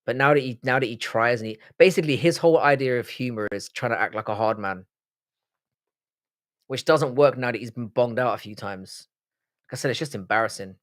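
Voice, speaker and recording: Reading viewer comments on his casual livestream, a young Irish host from Cork replies bluntly, swears freely and rambles. He speaks fairly quickly in a medium-pitched voice.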